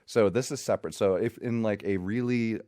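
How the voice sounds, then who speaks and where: A man hosting a casual radio chat, explaining food in a relaxed way with many fillers. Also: lowish voice, brisk, no room sound, clean studio sound. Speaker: radio host.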